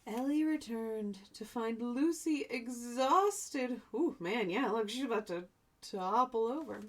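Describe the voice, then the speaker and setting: A woman teacher with a fairly high voice reads a picture book aloud to young children. She's chatty, pausing to offer asides and explain words.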